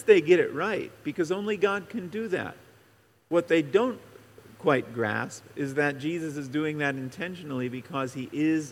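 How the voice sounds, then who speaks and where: A man preaching a conversational sermon, explaining a Bible passage in a loose, rambling way with many fillers and restarts. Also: on the high side. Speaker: pastor or Bible teacher. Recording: long reverb of a large hall.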